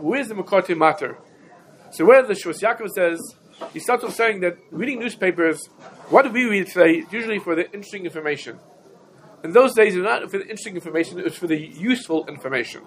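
A man's voice: high voice, fairly bright tone, poor audio. A man teaching a Talmudic shiur lecture, firing rhetorical questions and repeating points for emphasis, with faint background noise. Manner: rhetorical questions, emphatic repetition, Yiddish-Hebrew terms. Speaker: Torah teacher.

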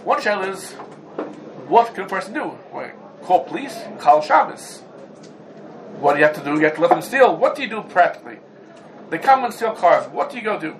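A man's voice: sits high, very animated, fairly quick, slight background noise, rough recording. A man teaching a Torah lecture, talking animatedly, repeating himself, restarting phrases and asking rhetorical questions. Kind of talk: Talmudic lecture.

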